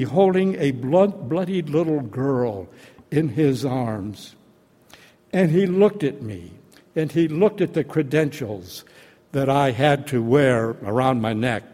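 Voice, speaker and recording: A man preaching a sermon, retelling a story in a slow, deliberate, dramatic way. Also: a little high, dark tone. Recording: long hall reverb.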